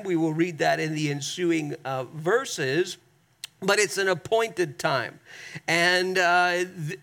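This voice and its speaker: A man delivers a sermon with a raised, gravelly voice. He leans hard on key words and slows down to stretch them. He pauses to ask the congregation to say a word back with him. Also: high voice, fairly bright tone. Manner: emphatic, drawn-out stresses, asks the congregation to repeat. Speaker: pastor.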